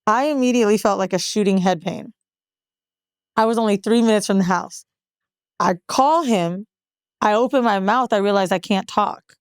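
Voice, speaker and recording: A woman co-hosting a podcast, telling a long story in casual, profane chat with lively voiced quotes. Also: mid-range voice, moderate pace, pauses often, clear, resonant tone, no room sound, clean studio sound. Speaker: podcast co-host.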